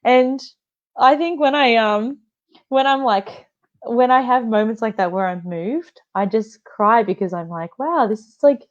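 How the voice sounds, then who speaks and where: A woman's voice: fairly high pitch, unhurried, dull audio. A woman hosting a livestream, chatting with viewers in an effusive, emotional way, often laughing and rambling with fillers. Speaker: livestream host. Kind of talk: live-stream chat with viewers.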